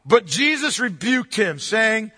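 A man's voice: sits high, big pitch swings, takes it slowly, pushed and bright, husky, in a large hall. A man preaching a sermon, emphatic and full of rhetorical questions. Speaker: pastor.

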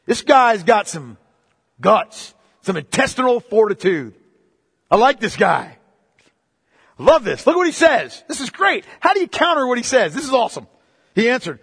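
Animated, husky-voiced male preacher. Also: very high voice, moderate pace. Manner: emphatic, repeats phrases, casual asides. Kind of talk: sermon. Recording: long reverb of a hall.

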